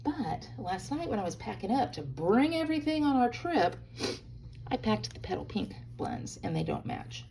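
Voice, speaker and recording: Woman, craft-tutorial host, gravelly and animated, friendly direct address, faint hiss behind. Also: a little high, normal speed. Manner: chatty, bubbly, talks straight to viewers. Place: hotel room.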